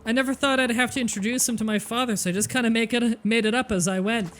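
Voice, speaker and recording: A woman streamer joking loudly and crudely while commenting on a game she is playing. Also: a little high, fairly even intonation, fast, a little hiss or hum. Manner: loud, crude, laughing banter. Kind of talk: casual gameplay commentary.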